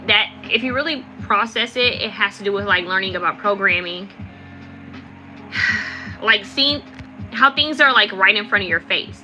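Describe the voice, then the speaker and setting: A woman's voice: mid-range voice, sharp tone, low-quality recording. A young adult woman giving a chatty, rambling live tarot reading with lots of fillers. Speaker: tarot reader.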